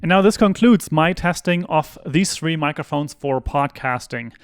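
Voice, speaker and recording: A man with a slightly raised speaking pitch talks through product comparisons in a steady, methodical manner. He speaks close into a handheld vocal mic, explaining each step clearly like a tech reviewer. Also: moderate pace.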